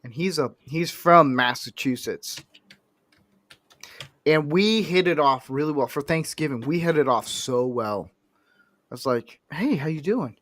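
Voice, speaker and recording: A man's voice: a little high, unhurried, long pauses, no echo. A man co-hosting a casual sports chat, telling stories and acting out what people said. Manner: animated storyteller, quotes people in put-on voices. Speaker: podcast co-host.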